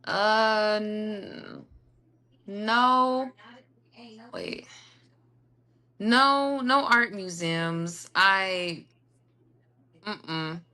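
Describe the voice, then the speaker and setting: A woman's voice: mid-range voice, very slow, long pauses, pushed and bright. A woman in her thirties, a guest in a casual interview, talking in a rambling way with many fillers. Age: 30s. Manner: rambling, filler-heavy talk. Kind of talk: casual chat.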